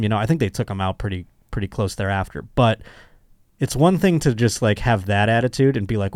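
A man's voice: lowish voice, a little fast, darkish tone, no room sound, clean studio sound. A man hosting a podcast, telling stories in a crude, joking way and slipping into mocking voices. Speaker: podcast host. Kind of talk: casual comedic monologue.

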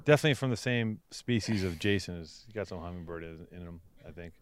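Fast-talking man teasing on a hike. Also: low-pitched, clear, resonant tone, no echo, clean studio sound. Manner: teasing, deadpan joking. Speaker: co-host. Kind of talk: casual banter on a hike. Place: outdoor hiking trail.

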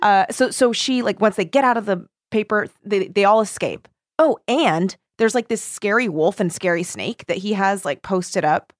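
A woman's voice: mid-range voice, moderate pace, hardly any pauses, dry recording, studio quality. A woman co-hosting a podcast, casually retelling a plot with acted quotes and frequent fillers. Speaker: podcast co-host.

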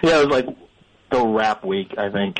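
A man's voice: fairly low pitch, moderate pace, slight background noise, low-quality recording. Laid-back man calling in by phone. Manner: laid-back, offhand storytelling. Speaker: caller. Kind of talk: phone-in chat.

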